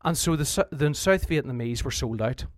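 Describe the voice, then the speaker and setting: A man's voice: mid-range voice, expressive, moderate pace, no room sound. Man explaining history, dry recording. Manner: conversational, restarts often, acts out quoted leaders. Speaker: history teacher.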